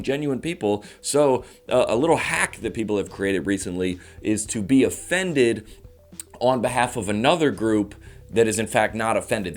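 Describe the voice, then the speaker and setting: Brief: male comic in his thirties, fast animated monologue to camera, faint music underneath. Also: medium pitch. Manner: rapid, animated rants with mock voices. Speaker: comedian host.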